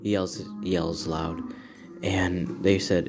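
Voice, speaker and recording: Young man narrating a fan story, low voice, rambling, music behind. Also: fairly even intonation, slow, a little mellow. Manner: rambling, self-correcting.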